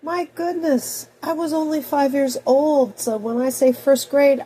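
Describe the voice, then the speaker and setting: A woman in her fifties with a cold, talking in a rambling personal monologue that swings between loud outbursts and soft mutters. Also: high voice, fairly even intonation, measured pace, poor audio. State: has a cold. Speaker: video blogger.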